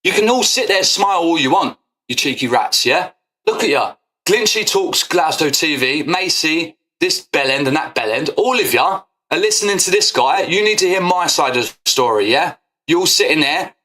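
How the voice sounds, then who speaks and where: On his football fan channel, a man rants angrily to the camera, confrontational and swearing, tossing out "yeah?" again and again. His voice sits on the high side, animated and sharp, at a normal speed.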